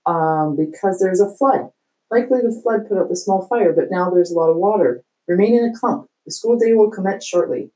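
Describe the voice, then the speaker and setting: A woman's voice: on the low side, a little fast, pitched above the performer's own voice, lightly acted, low-quality recording. A woman reading aloud, voicing a flustered, blustering male school principal who insists nothing is wrong. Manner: loud, insistent, denying the obvious.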